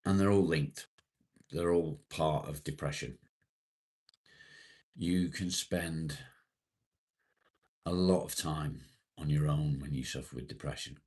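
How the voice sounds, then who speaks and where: A man with a British accent, hosting a casual live stream and chatting with viewers. He reads their comments aloud, relaxed and conversational, with casual swearing. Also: rumbling low, takes it slowly, pauses often.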